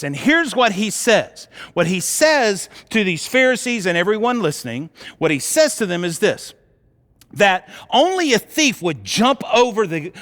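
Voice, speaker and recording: High-voiced pastor preaching in a reverberant hall. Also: male voice. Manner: animated storytelling with casual slang. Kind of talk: sermon. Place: church auditorium. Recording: long reverb of a large hall.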